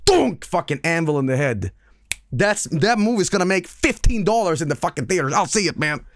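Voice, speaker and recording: A man's voice: on the high side, lively intonation, a little fast. A man streaming casual chat, rambling and stammering with lots of swearing and laughing.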